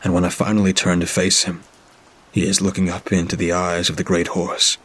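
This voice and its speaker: Male storyteller for a horror narration: very low, husky voice, dramatic reading. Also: completely flat delivery, a little fast, fairly bright tone. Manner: dramatic, voices characters in dialogue.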